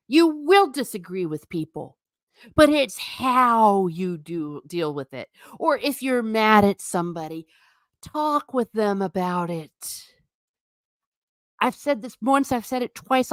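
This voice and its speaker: Woman, livestream host, casual chat, emphatic, repeats for effect, middle pitch, dry close sound. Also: fairly bright tone, no echo.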